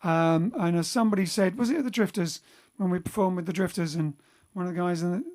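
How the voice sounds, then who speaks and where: A man's voice: sits high, quick pace, darkish tone. A man hosting a band's livestream, chatting casually and rambling between songs from home. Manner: rambling, chatty, self-correcting. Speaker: bandleader and singer hosting a livestream. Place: home during lockdown.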